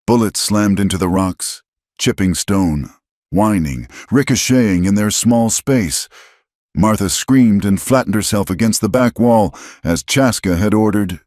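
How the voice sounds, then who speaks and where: A man narrating a western romance story in a dramatic, expressive scripted reading. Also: lowish voice, measured pace, no echo, studio quality.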